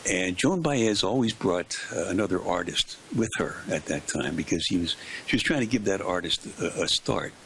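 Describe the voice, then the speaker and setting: An older man, a veteran radio DJ, telling stories in an interview with punchy, dramatic pauses. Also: deep voice, expressive, creaky, fairly bright tone, a little hiss or hum. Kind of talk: anecdotal storytelling in an interview.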